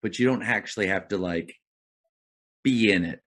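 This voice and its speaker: A man's voice: deep voice, normal speed, fairly bright tone. A man hosting an interview, chatty and rambling, often stumbling over his words. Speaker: host. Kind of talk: casual interview chat.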